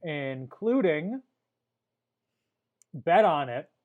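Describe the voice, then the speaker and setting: A young man co-hosting a podcast, recapping a movie plot in casual chat with dry, deadpan jokes. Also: fairly high pitch, extremely slow, narrow, tinny audio. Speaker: podcast co-host.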